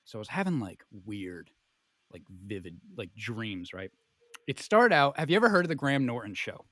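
A young man telling a comic story in a rambling, animated way, full of fillers. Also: fairly low pitch, normal speed, dry recording.

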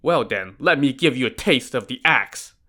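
Guy acting out a hot-tempered bandit hero, loud and gruff, swears a lot. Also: mid-range voice, expressive, normal speed. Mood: menacing.

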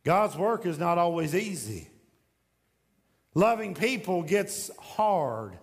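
A man preaching a sermon as pastor in a church sanctuary, swinging between loud emphatic lines and hushed ones. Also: high-pitched, sing-song, takes it slowly, big-room sound.

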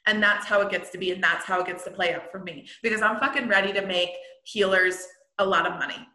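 A woman hosting a podcast as a healer business coach, talking in an excited, blunt casual monologue and swearing freely. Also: medium pitch, fast. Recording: roomy echo.

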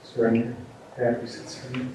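A man asking a question of a teacher in a group, speaking haltingly with many pauses and fillers. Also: medium pitch, monotone, warm tone. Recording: very echoey room, distant mic, faint room noise.

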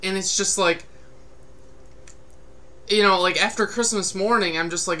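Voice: mid-range voice, lively intonation, measured pace, pauses often, bright, forceful tone. A podcast host giving an irritated, profane, sarcastic spoken movie review. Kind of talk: casual spoken review rant.

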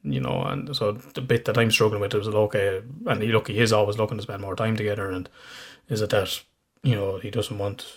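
A man's voice: on the low side, level tone, fairly quick. A man hosting a podcast, talking candidly and rambling, swearing freely in casual chat. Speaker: podcast host.

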